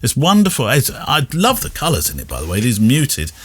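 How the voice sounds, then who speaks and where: A man's voice: mid-range voice, huge pitch swings, brisk, slightly rough, dry recording. A man hosting a photography podcast, chatting casually and playfully, often laughing. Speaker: podcast host.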